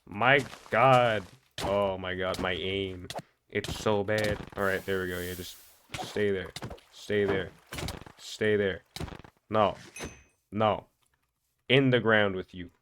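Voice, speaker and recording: Rambling young man, low voice. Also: steady tone, takes it slowly, pauses often, noisy background. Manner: rambling, stumbling over words. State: energetic after a sleepless night. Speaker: gaming vlogger. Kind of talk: casual commentary over gameplay.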